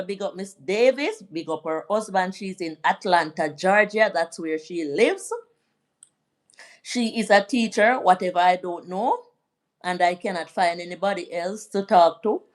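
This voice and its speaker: A middle-aged woman from Jamaica hosting a live stream, chatting in a rambling way and giving shout-outs to her viewers. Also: mid-range voice. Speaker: vlog host. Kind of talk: casual live-stream chat.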